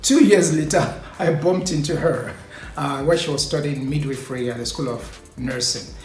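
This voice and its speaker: A man's voice: on the high side, moderate pace. Man telling a story in an echoey room. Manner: animated, laughs often, trails off with "you know". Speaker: vlog host telling a personal story. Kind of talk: casual storytelling. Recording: echoey room, faint music.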